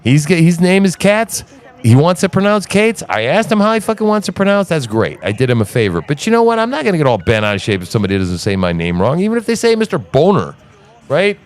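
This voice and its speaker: A man's voice: fairly high pitch, big pitch swings, quick pace. A man co-hosting a podcast, telling a story in casual, profane chat, often laughing and mimicking voices. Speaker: podcast co-host.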